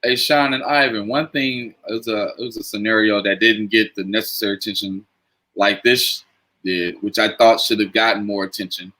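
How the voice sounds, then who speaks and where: A man's voice: lowish voice, steady tone, moderate pace, pushed and bright, poor audio. A man on a sports talk show, speaking hesitantly with many fillers. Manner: hesitant, full of "uh" and "you know".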